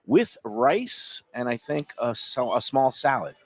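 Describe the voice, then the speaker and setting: A man's voice: medium pitch, big pitch swings, takes it slowly. Chatty man with a New York accent. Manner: chatty, reads out deals and details. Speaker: show host. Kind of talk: casual radio-style food chat.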